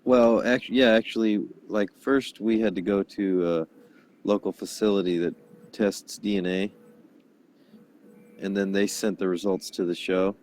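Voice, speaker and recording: Very deep-voiced man, halting chat. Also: steady tone, darkish tone, a little hiss or hum. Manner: halting, full of fillers and restarts. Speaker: chat participant. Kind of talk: casual online hangout chat. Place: girlfriend's grandmother's house. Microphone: phone.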